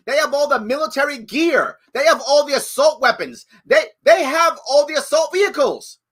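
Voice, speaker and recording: A man's voice: very high voice, bright, forceful tone. A middle-aged man hosting a live show, giving emphatic, repetitive commentary that pleads and scolds by turns. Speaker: host.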